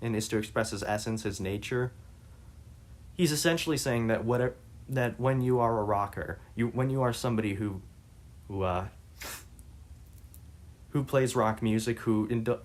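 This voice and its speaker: A man reading interview passages aloud and commenting on them, halting with frequent restarts and fillers. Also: medium pitch. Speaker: reader and commentator.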